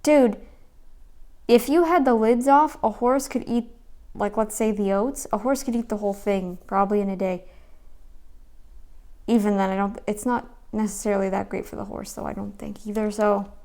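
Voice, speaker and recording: A woman giving casual reaction commentary, rambling and turning loud and scolding when annoyed. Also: mid-range voice, steady tone, moderate pace.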